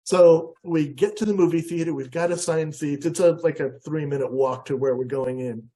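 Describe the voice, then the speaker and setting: An American man giving a storytelling presentation, animated and jumping up high in pitch when he acts out what people said. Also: normal speed. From USA. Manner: animated, acts out quotes with big pitch jumps. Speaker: guest speaker.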